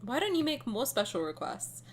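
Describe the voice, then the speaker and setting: Lively, chatty woman streamer. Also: a little high, moderate pace. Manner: chatty, joking, reads game text aloud. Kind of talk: casual gaming commentary. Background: faint game music.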